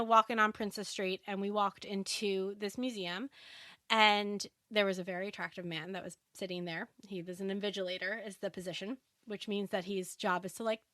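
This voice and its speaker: A woman guest on a podcast, telling a personal story in a casual, animated way and laughing often. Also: medium pitch, dry recording, clean studio sound.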